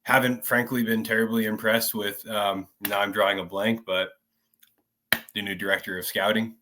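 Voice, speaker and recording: A man with a fairly low voice co-hosts a casual football podcast. He talks in an emphatic, opinionated way and keeps tagging points with "right?". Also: level tone, moderate pace, noisy background. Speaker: podcast co-host.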